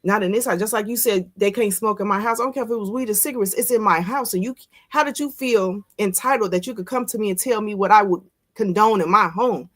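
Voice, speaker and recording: A woman's voice: medium pitch, fast talker, hardly any pauses. A woman in her fifties, a guest on a podcast, speaking bluntly and emphatically in casual chat full of slang. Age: 50s.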